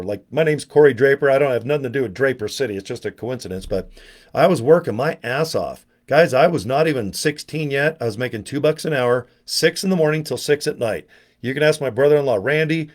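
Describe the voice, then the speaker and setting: A man in his sixties talking casually to camera in a rambling, joking monologue full of self-mocking asides. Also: medium pitch. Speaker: online business vlogger.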